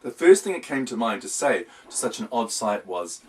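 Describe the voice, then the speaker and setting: A man's voice: medium pitch, very animated, normal speed, darkish tone. A man narrating a whimsical storybook in a wry, playful tone. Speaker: audiobook reader. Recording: voice distant from the mic.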